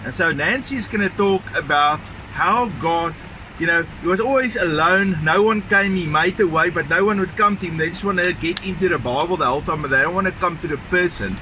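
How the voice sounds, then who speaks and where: A man's voice: high voice, fairly quick. A man hosting a ministry video, earnestly introducing a speaker while he walks outdoors beside a river. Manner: earnest, encouraging. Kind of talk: casual spoken introduction while walking. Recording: outdoor noise behind.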